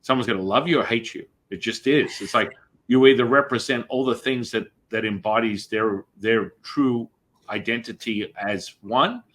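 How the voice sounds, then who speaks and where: Male host, mid-pitched voice, meandering and reflective spiritual chat. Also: normal speed, fairly bright tone. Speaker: podcast host. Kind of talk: spiritual conversation.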